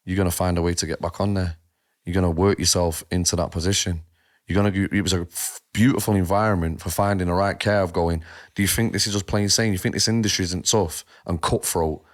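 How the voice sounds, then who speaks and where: A podcast co-host with a deep voice talks fast, telling stories in casual chat. He's an animated storyteller who swears freely and acts out what people said.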